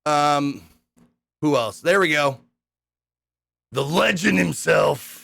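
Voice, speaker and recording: A young man casually recapping a hosting gig, rambling and profane, acting out the people he quotes in excited voices. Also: a little high, slow, gravelly, long pauses.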